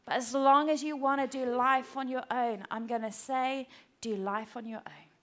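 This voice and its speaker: A woman whose voice sits high preaches a church sermon at a moderate pace with fairly even intonation. She's conversational and earnest, often playing out quoted voices and at times going hushed.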